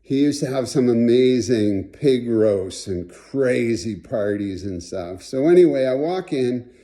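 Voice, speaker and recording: This man's tribute to his late friend is a string of humorous anecdotes, with the quotes acted out in a lively, folksy storytelling style. He speaks a little slowly, at a medium pitch.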